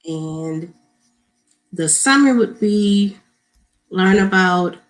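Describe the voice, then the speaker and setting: Lady principal on a talk show, slow and bright, lively up and down voice. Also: mid-range voice. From Louisiana. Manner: slow, cheerful, laughs easily. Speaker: school principal, guest. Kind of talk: casual interview.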